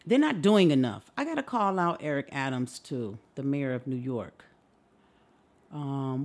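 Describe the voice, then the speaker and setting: A woman's voice: extremely low pitch, expressive, unhurried, darkish tone. A woman hosting a solo podcast, talking in an impassioned, indignant way and asking rhetorical questions. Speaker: podcast host. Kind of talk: opinionated solo podcast commentary.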